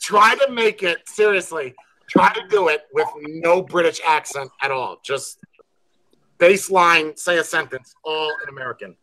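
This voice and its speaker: A man's voice: a little high, moderate pace, pushed and bright, rough recording. A man hosting a casual panel, blunt and teasing. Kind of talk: casual group banter.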